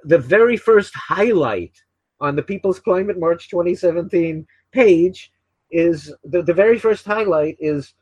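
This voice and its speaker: An older man hosting his own radio show, talking in a rambling, opinionated way, often repeating words and filling pauses with uh and um. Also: on the high side, darkish tone, husky, dry recording. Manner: opinionated, sarcastic. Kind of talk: casual solo talk radio monologue. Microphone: desk microphone beside a laptop. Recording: dull, slightly lo-fi dry recording.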